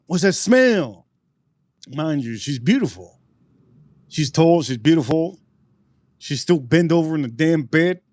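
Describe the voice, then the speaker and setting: A man hosting a live stream and telling a personal story in an animated, profane way, often repeating his lines. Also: on the high side, unhurried, long pauses, no echo.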